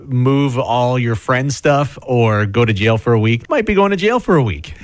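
A man's voice: medium pitch, expressive, normal speed, dry recording. A young adult man, hosting casual morning radio banter and teasing his co-host. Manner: teasing, wisecracking.

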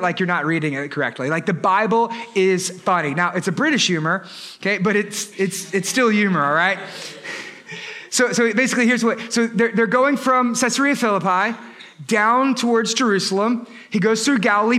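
A male pastor preaching with humor, telling the story in a lively way and breaking off for asides to the congregation. His voice is high and bright, with a sharp, clear edge. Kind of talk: sermon.

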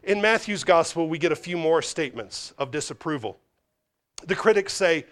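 A man preaching a sermon as a pastor, asking and answering his own questions and acting out the people he quotes. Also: normal speed. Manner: animated, acts out the quoted voices with big pitch swings.

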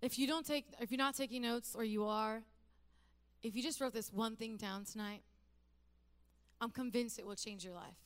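A woman delivering a church sermon in a chatty, joking way, her voice sitting a little high. She builds to emphatic, repeating phrases as she drives her points home. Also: moderate pace, long pauses, smooth. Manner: conversational, humorous preaching. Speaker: pastor.

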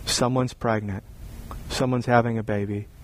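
A man's voice: medium pitch, moderate pace, a little hiss or hum, rough recording. A man preaching a sermon as a pastor, joking and acting out scenes as he talks. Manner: animated, joking, acts out scenes.

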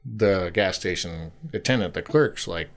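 A man telling a story on a casual podcast, swearing freely and acting out shouted lines. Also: deep voice, unhurried. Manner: animated storyteller, swears a lot, acts out shouted quotes. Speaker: podcast co-host.

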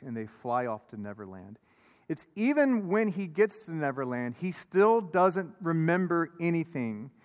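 A pastor with a fairly high voice delivers a sermon, earnest and insistent as he stacks repeated phrases. He drops easily into relaxed, friendly chatter with the people in front of him. The sound rings with the long reverb of a church sanctuary. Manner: earnest preaching with repeated phrases, turning casual and chatty with the congregation. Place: church sanctuary before a congregation. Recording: echoey church hall.

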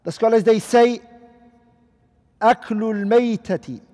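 A man with a high voice teaches a class and checks often that his students are following. He says each Arabic term, then gives its English meaning. The sound carries a long hall reverb. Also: slow, dark tone. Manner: asks the class questions, repeats and translates Arabic terms. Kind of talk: classroom lecture.

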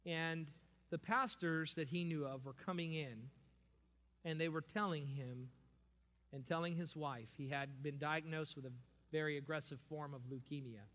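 Pastor guy preaching, bright forceful voice, big echoey hall. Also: a little high, fairly even intonation. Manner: emphatic preaching with rising, slowed emphasis. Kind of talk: sermon. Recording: long hall reverb.

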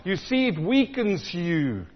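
A man from South Africa preaching a sermon, animated, repeating lines for emphasis and acting out the voices he quotes. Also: sits high, slow pace. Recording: dull sound in a large reverberant hall.

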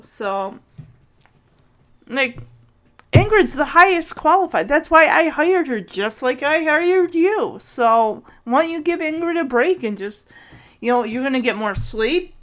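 A woman's voice: high-pitched, lively intonation, measured pace, fairly bright tone. A woman casually recapping a TV episode, chatty and giggly, retelling scenes with quoted lines. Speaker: podcast host recapping a TV episode. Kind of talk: casual chat.

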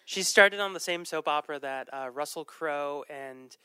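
A podcast host chatting casually about films, loose and digressive with frequent laughs and ums. The voice is bright and smooth, recorded dry and close with no room sound. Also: medium pitch, normal speed, no echo. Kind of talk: casual movie chat.

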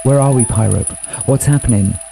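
A man's voice: medium pitch, moderate pace, creaky, dark tone, faint music behind, natural voice. A man voicing a young woman doctor who speaks in an urgent, questioning way. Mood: worried. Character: anxious young woman doctor, lost in the dark.

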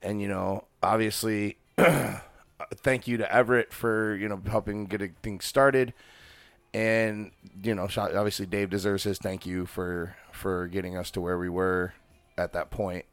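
Low-voiced, profane American man hosting. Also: fairly even intonation, unhurried, smooth, no room sound. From United States. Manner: loose, profane banter. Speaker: podcast host. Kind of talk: casual podcast chat.

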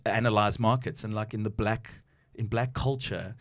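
A middle-aged radio DJ from South Africa chatting in an interview, animated and quick to laugh, telling stories with lively asides. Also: male voice, fairly low pitch. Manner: animated storyteller who slips into put-on voices and laughs often. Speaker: radio DJ and guest. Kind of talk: casual interview chat.

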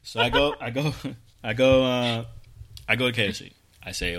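A man in his thirties co-hosting a casual chat show, telling an animated story and swearing freely. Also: mid-range voice, moderate pace. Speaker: podcast co-host.

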